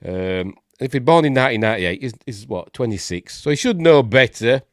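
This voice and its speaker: A man's voice: mid-range voice, lively intonation, brisk, no room sound, clean studio sound. A man with a Yorkshire accent hosting a casual live stream, congested and snuffly, chatting and grumbling with lots of fillers and asides. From Yorkshire, England. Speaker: host of a live news stream.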